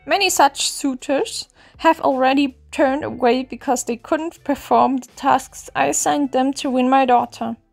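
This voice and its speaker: A woman's voice: high voice, measured pace, creaky, faint music behind, full character voice. A woman voicing a stern, formal old king setting hard tasks in a storybook reading.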